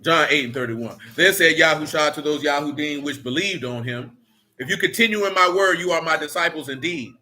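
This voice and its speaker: A man's voice: a little high, brisk, sharp tone. A man leading a casual Bible study, blunt and slangy as he preaches and rants.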